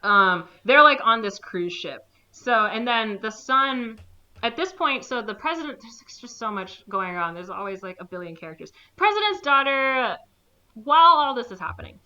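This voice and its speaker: Retelling a movie in laid-back podcast chat, this woman co-host voices the characters with animated pitch jumps and says "like" a lot. Her speed is normal, and the audio lacks high frequencies.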